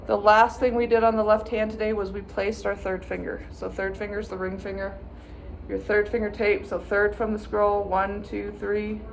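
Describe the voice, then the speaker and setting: A woman's voice: mid-range voice, flat delivery, moderate pace, creaky, soft background music. A woman viola teacher patiently walking students through practice steps, sometimes chanting rhythm words. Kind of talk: instructional practice walkthrough.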